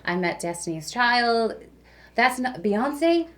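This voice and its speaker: A radio DJ guest with a fairly high, slightly bright, sing-song voice tells stories slowly and casually. Her manner is chatty, heavy on "like" and "you know."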